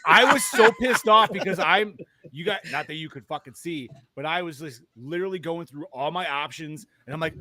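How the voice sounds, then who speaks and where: A man's voice: a little high, a little fast, pushed and bright. A man co-hosting a podcast in loose, swearing casual chat. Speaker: podcast co-host.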